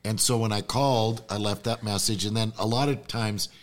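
Rambling man with a low voice. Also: fairly even intonation, brisk. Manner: rambling, jumps back and forth in his story. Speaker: guest. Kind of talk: casual conversational storytelling.

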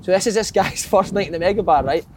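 A Scottish man hosting a football podcast, telling stories in a lively, swearing, laddish way. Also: sits high, quick pace, noisy background. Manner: lively storyteller, swears freely. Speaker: podcast host. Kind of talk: casual football chat.

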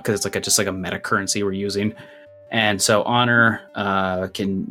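A man with a fairly low, slightly bright voice runs a tabletop game as game master, sounding a bit out of breath. He rambles through rule changes and a recap, interrupting himself and laughing at his own jokes.

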